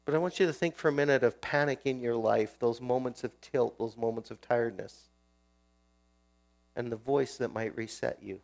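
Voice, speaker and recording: A man's voice: mid-range voice, normal speed, vocal fry, a little mellow. A male pastor preaching a sermon in a conversational way, often putting questions to his listeners.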